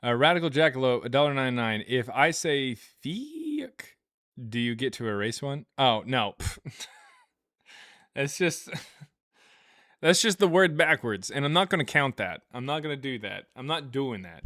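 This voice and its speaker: A man's voice: medium pitch, lively intonation, unhurried, a bit bright, no echo, studio quality. A man hosting a live stream, reading super chats in a casual, jokey, rambling way with many fillers.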